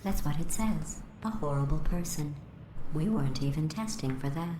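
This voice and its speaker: Low-voiced woman playing a cold sarcastic computer AI, deadpan insults, echoey game audio. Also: moderate pace, noisy background, lightly acted. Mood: cold mocking.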